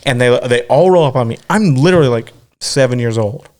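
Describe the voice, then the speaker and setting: A man co-hosting a podcast, telling a story in a crude, animated way, acting out other people's voices and laughing often. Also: mid-range voice, a little fast. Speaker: podcast co-host. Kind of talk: casual chat, storytelling.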